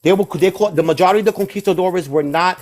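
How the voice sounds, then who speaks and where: A man with a high voice, arguing in a heated online debate. He is insistent and defensive, and keeps repeating his point. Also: racing, darkish tone. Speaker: debate participant.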